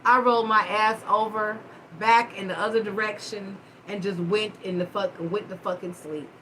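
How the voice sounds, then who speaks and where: Woman, live-stream host, blunt and profane, bright forceful voice, faint hiss behind. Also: medium pitch, normal speed, low-quality recording. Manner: blunt, profane, animated storytelling. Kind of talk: casual live-stream chat.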